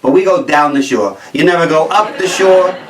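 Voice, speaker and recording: A man's voice: a little high, moderate pace, echoey room, distant mic, rough recording. A man with a New Jersey accent doing a wry, incredulous stand-up routine and laughing at his own jokes. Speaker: stand-up comedian.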